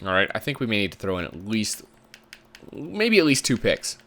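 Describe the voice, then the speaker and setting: A man's voice: fairly low pitch, sing-song, moderate pace, pushed and bright. A man giving casual commentary while playing a sports management game, thinking aloud in a chatty way. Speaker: gamer commentator.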